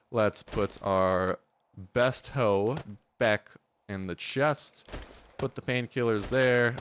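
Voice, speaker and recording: A young gaming YouTuber with a lowish, slightly bright voice gives casual commentary while playing a survival video game, with slight background noise. He jokes, rambles, and delivers playful mock speeches.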